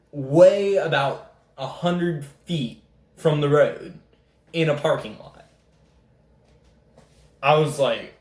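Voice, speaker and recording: A young man, telling a rambling, excitable story as a casual vlogger. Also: medium pitch, measured pace. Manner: excitable, rambling, animated retelling. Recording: echoey room.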